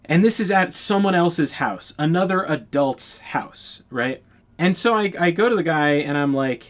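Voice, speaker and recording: A man's voice: a little high, expressive, a little slow. Blunt, profane young man telling a story. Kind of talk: casual storytime monologue.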